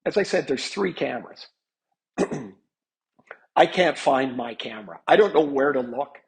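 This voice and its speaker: A man's voice: mid-range voice, animated, moderate pace, vocal fry, breathy edge, rough recording. A man in his fifties, a hockey analyst, telling stories in a chatty podcast interview, with many restarts.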